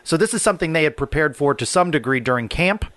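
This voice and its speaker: A man's voice: on the high side, lively intonation, quick pace, fairly bright tone, dry recording. A man hosting a sports podcast, running through game stats and putting questions to his guest. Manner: reads stats, then asks long questions. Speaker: podcast host.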